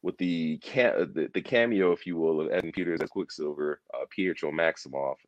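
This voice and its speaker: A man with a bass voice talks a little fast about a TV series, rambling in an animated way, repeating himself and acting out quotes as he goes. It's casual pop culture chat, captured in a dry, lo-fi recording.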